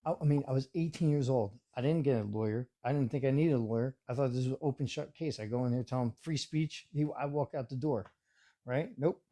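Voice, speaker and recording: Mellow-voiced man telling a story. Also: medium pitch, fairly quick. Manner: storytelling, acts out quoted voices. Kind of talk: casual live-stream chat.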